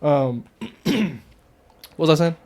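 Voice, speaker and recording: A young man co-hosting a podcast, chatting casually and profanely about a movie, getting loud when worked up. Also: on the high side, lively intonation, takes it slowly. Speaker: podcast co-host. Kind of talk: casual movie review chat.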